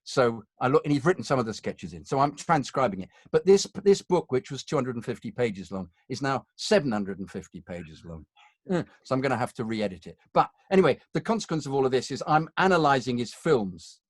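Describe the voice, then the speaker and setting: Man, British accent, middle-aged, storytelling, acts out quotes, medium pitch, dry. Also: sing-song, fairly quick, husky, no echo. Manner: chatty, self-mocking, acts out quotes. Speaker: voiceover artist. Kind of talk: conversational anecdotes.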